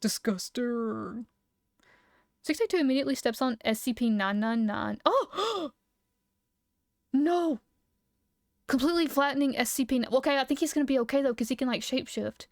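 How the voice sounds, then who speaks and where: A young woman streaming live, reading lore aloud and chatting with viewers, excitable and quick to laugh. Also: high-pitched, no room sound, clean studio sound. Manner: excitable, giggly, reacting loudly.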